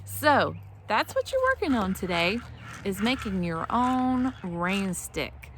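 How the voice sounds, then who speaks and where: A woman's voice: mid-range voice, big pitch swings, heavy background noise. A woman teaching young children in a playful, encouraging way, leading counting games. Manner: playful and encouraging, slow and sing-song.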